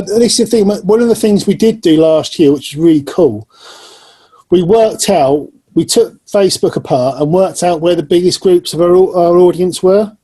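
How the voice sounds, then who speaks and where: A man's voice: fairly high pitch, mellow, breathy edge. A man in casual chat, talking as a musician and explaining plans step by step in an eager way. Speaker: musician discussing touring.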